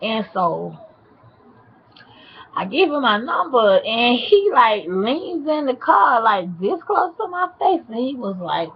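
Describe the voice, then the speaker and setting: Woman vlogger, sassy and animated storyteller, slightly high voice, muffled lo-fi sound. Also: breathy edge. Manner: sassy, animated, drawn-out asides. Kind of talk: casual storytelling.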